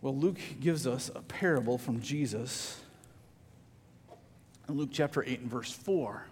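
A man's voice: medium pitch, a little slow, darkish tone, long reverb tail, slight background noise. A man preaching a sermon as pastor, conversational, often repeating words as he starts a phrase.

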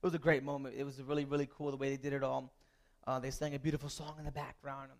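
A man preaching as a pastor, moving from a relaxed story to loud, repeated calls to the congregation. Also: medium pitch, quick pace. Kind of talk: sermon.

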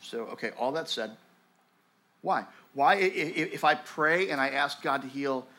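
A male pastor with a bright, forward voice pitched a little above the usual for men. He preaches conversationally and animatedly, stumbling over restarts, and at times drops into a hushed, slower register. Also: lively intonation. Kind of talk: sermon.

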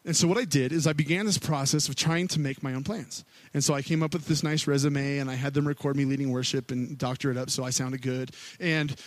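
A Missouri worship pastor in his thirties shares a personal story during a sermon, recorded with no room sound. His delivery is candid and conversational, swinging from loud pleading down to quiet asides.

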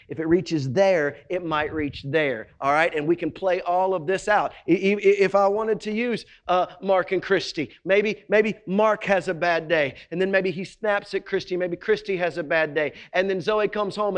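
Guy preaching a sermon, slightly high voice, goes from big and loud to real quiet. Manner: swings from loud and emphatic to low and quiet. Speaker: pastor.

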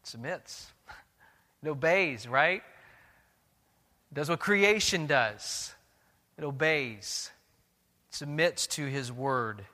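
A man's voice: a little high, bright, forceful tone, in a large hall. A man preaching a sermon as pastor, earnest and questioning, often restarting his words.

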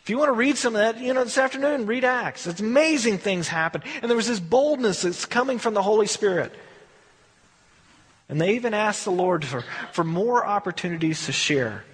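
A man's voice: high-pitched, lively intonation, fairly quick, husky, long reverb tail. A man preaching a sermon as a pastor, conversational and emphatic, asking rhetorical questions.

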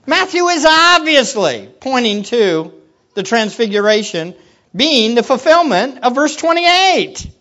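Animated preacher, slow and sweeping. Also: lo-fi sound. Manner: swings between hushed low teaching and loud excited exclamations; asks the audience questions. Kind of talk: sermon.

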